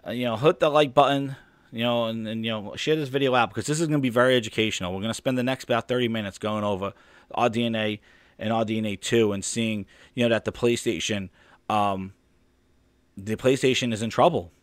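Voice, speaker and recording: A man hosts a gaming stream, delivering a casual, rambling podcast-style rant full of sarcasm and profanity. His voice is medium in pitch and he talks fast. The studio-quality microphone captures him with no room sound.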